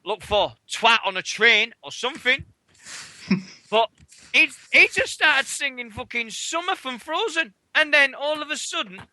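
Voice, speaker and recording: A man's voice: very high-pitched, expressive, a little slow, bright, forceful tone. A British man hosting a wrestling radio show, swearing constantly as he rambles through stories. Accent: British English. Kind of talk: casual chat.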